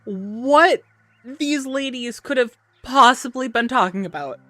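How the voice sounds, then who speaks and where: A woman's voice: a little high, measured pace, fairly bright tone, no room sound, soft background music. A woman streamer chatting casually while gaming, telling stories and laughing often. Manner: giggly, chatty storyteller.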